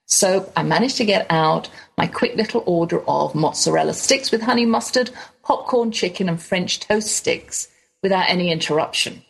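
A middle-aged woman with an English accent, hosting a radio show and telling a chatty, animated story. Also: lowish voice, moderate pace, creaky, slightly rough, low-quality recording. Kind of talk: casual storytelling monologue.

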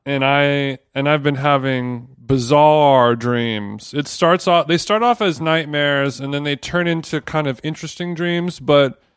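Smooth-voiced man rambling casually. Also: fairly high pitch, measured pace, few pauses, dry recording, clean studio sound. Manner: rambling, profane, self-interrupting. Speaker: podcast co-host. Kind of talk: casual chat. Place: villa in the countryside.

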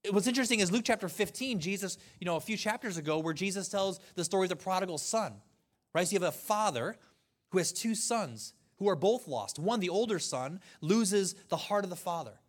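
High-voiced man preaching conversationally. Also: fairly quick. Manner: conversational, animated reading of scripture with asides. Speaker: pastor. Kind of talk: sermon.

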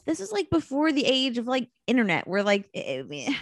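A woman's voice: high-pitched, big pitch swings, moderate pace. A woman hosting a casual podcast game, teasing her co-hosts in a playful way. Her voice sounds dry and close, with no room echo. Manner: playful, teasing, laughs often. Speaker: podcast host running a quiz game. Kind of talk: casual chat.

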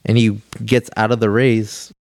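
A young man tells a story to friends on a podcast, loose and slangy, with plenty of "like" and "dude." His voice sits on the low side. The recording is dry and close. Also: level tone, unhurried, darkish tone, no room sound. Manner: laid-back, slangy, lots of "like" and "dude". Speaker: podcast guest. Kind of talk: casual storytelling chat.

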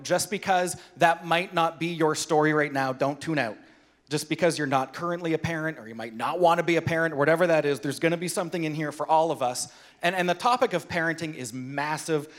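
A man, a pastor preaching a sermon, telling personal stories in an animated, self-deprecating way. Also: on the high side.

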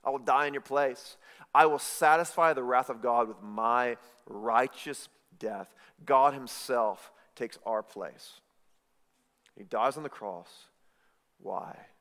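Guy preaching in a big echoey hall, gets loud then drops way down soft. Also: mid-range voice, takes it slowly. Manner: impassioned, swings from loud emphatic lines to hushed intimate ones. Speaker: pastor. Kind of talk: sermon. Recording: reverberant hall.

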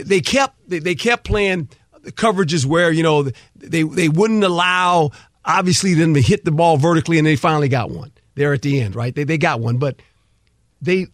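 A man's voice: fairly high pitch, no echo, clean studio sound. An older man, a former football coach, talking casually as a guest and telling stories with lots of repeated words. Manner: animated storyteller, lively, repeats words. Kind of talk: casual sports talk.

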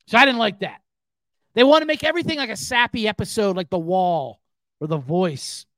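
A man's voice: high-pitched, brisk, no room sound. A man hosting a sports-betting podcast, ranting casually and swearing freely. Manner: animated, profane, ranting. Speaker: podcast host.

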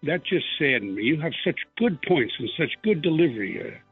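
A man's voice: a little high, sing-song, fairly quick, husky, soft background music. Aggrieved male caller on a tinny phone line. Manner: earnest, aggrieved, rambling. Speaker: radio caller. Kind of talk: call-in over the phone.

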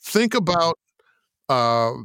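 An older man, a voice actor, answering interview questions in an animated storytelling way, acting out quotes as he goes. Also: a little high, slow pace, clear, resonant tone, no echo, clean studio sound. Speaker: voice actor guest.

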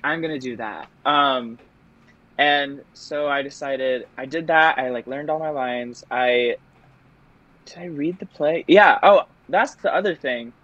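A man's voice: fairly high pitch, fairly bright tone, dry recording, highs cut off. A young man, a stage actor, telling an audition story in a chatty, self-deprecating way, with many fillers and laughs. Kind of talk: casual interview storytelling.

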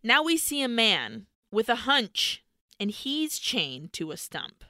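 A woman podcast co-host tells a film's plot in a loose, profane rush, switching into Spanish now and then. Her voice sits a little high and rings bright and smooth. The sound is dry and close. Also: slow pace, dry recording. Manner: animated, profane storytelling with Spanish slipped in. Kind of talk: casual film recap.

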